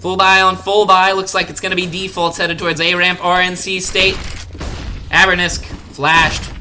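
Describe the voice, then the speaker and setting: Young guy calling a college esports match, high bright voice, jumps up when stuff happens, faint hiss behind. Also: moderate pace. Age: young adult. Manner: excitable, jokey, bursts of sudden excitement. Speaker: esports caster. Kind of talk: live play-by-play commentary.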